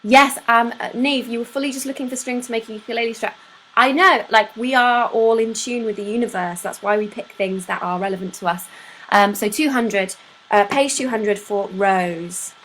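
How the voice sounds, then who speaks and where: Streaming from home, a woman with a fairly high, bright voice speaks at a normal speed, greeting viewers by name in casual chat and giving poems a playful, emphatic reading. Slight background noise and low recording quality come through.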